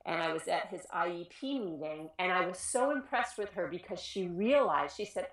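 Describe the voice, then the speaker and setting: Woman, school trauma specialist, informal talk, lowish voice, animated and earnest, echoey room. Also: moderate pace, hardly any pauses. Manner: earnest and animated, with frequent restarts. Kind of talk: informal educational presentation.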